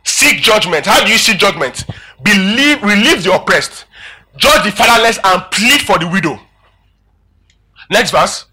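A man preaching a sermon, animated and emphatic, calling out questions to his congregation. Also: sits high, unhurried, pauses often, a little hiss or hum. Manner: emphatic, animated preaching with rising and falling volume.

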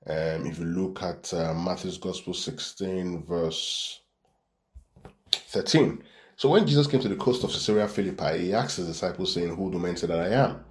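Deep-voiced man preaching in an echoey room. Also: normal speed. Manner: repetitive, checks in with "right?"; reads scripture aloud. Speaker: preacher teaching a church class. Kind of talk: Bible-study sermon.

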